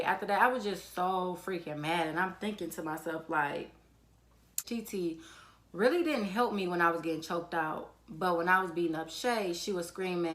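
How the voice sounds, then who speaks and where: A woman's voice: fairly low pitch, moderate pace. A young woman from the telling a storytime, swearing freely and acting out what people said. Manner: animated, swears freely, acts out quotes in a raised voice. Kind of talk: casual storytelling to camera.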